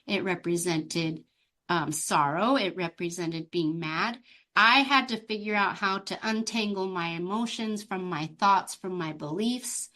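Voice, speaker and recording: A woman's voice: fairly low pitch, a bit bright. A middle-aged woman, a life coach, telling her story expressively in an interview. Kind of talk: conversational interview.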